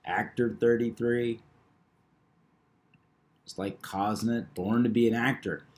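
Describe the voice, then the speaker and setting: A man hosting a video, talking through number patterns in a measured, knowing way. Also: fairly low pitch. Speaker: numerology video host. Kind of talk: casual monologue.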